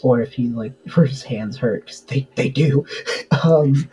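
A man's voice: mid-range voice, measured pace, warm tone, a little hiss or hum, low-quality recording. A man chatting casually as a podcast guest, full of fillers and easy laughs. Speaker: podcast guest, tabletop game player. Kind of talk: casual interview chat.

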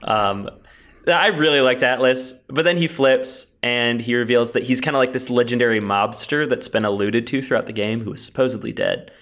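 A man with a middle-pitched, everyday voice trades jokes in relaxed podcast conversation. He sounds playful and quick to laugh. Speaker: podcast co-host. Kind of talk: casual gaming podcast chat.

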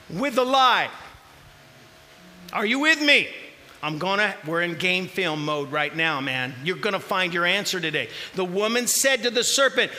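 A man preaching a sermon, acting out the voices in the scripture he reads and rising to shouts at the high points. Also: in a large hall. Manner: animated, acts out voices in the scripture, shouts at peaks.

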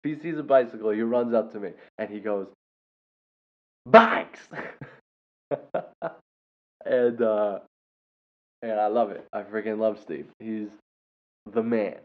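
A young man with a lowish voice tells a rambling, funny anecdote in a relaxed, casual way, cracking up as he goes. The recording is dull and lo-fi. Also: a little slow, long pauses. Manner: laughs often, bursts into loud impressions. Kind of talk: casual storytelling. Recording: dull lo-fi sound.

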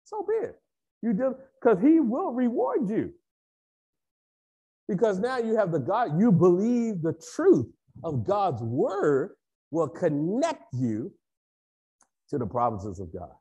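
Male pastor, high voice, animated swings; AAVE; emphatic, repetitive sermon delivery. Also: slow pace, pauses often, slightly rough.

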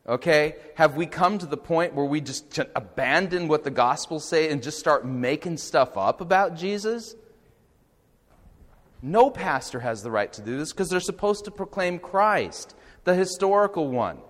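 A male lecturer giving a critical talk, pointed and questioning. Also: on the high side. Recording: reverberant lecture hall.

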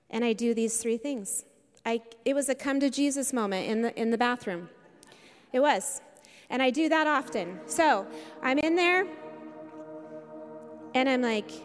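High-voiced woman preaching in a hall. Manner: earnest, conversational preaching with quick asides. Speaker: pastor. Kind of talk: sermon. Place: church sanctuary.

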